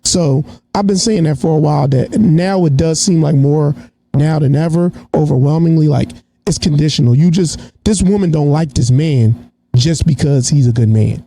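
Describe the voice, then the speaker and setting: A man, co-hosting a casual podcast and reasoning his points out loud. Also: fairly high pitch, moderate pace, creaky, dry recording. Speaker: podcast co-host.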